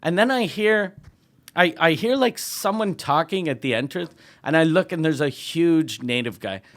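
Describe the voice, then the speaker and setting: Higher-voiced man telling a profane story. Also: lively intonation, moderate pace, fairly bright tone. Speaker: podcast co-host, comedian. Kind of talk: casual storytelling chat.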